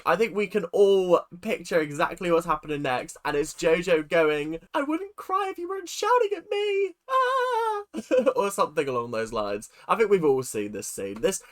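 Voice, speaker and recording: A woman talks through a reality show in a loose, ranting commentary. Her pitch swings up and down a lot as she gets worked up. She laughs often and stays animated throughout. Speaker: reaction video host. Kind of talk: casual reaction commentary.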